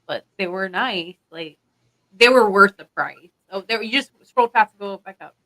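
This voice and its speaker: Bright chatty voice full of "like". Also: medium pitch, normal speed, low-quality recording. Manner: chatty, many "like" fillers. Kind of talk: casual chat.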